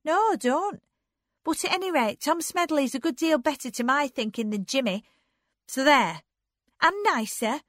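A woman reading a story aloud, voicing a young girl who scolds sharply and loudly. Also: high-pitched, lively intonation, moderate pace, dry recording, clean studio sound, voice pushed up. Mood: scolding.

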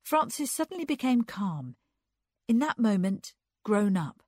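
A woman narrating a literary story aloud in an unhurried, expressive reading. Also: medium pitch, no room sound, studio quality.

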